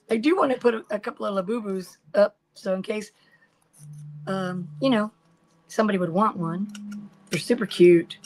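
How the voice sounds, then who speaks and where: A woman's voice: mid-range voice, normal speed, pauses often, a little mellow, rough recording. Chatty older woman crafting live. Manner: chatty, rambling, talks to chat viewers by name. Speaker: craft livestream host. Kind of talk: casual chat while crafting. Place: home craft room.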